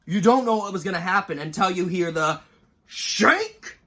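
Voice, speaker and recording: He talks fast, with a voice that sits high and a fairly bright tone. The YouTuber, a man in his 20s, rambles through a ranked list of cartoon moments in a casual vlog, getting emotional and occasionally fighting tears.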